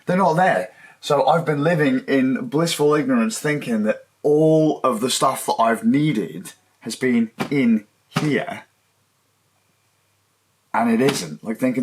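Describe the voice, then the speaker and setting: A man's voice: mid-range voice, normal speed, slight background noise. A man rambling casually and swearing as he laughs at himself over lost gear at home. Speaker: livestreamer.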